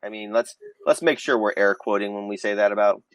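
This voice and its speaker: A man's voice: lowish voice, a little fast, dry recording, poor audio. A man hosting a casual wargaming podcast, talking in a sarcastic, facetious way. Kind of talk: casual tabletop wargame chat.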